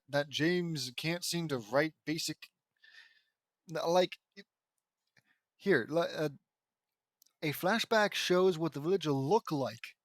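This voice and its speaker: Man, slightly high voice, dry close sound; reads fan fiction with sarcastic asides and stumbles. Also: a bit bright, no room sound. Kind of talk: mocking dramatic reading with commentary.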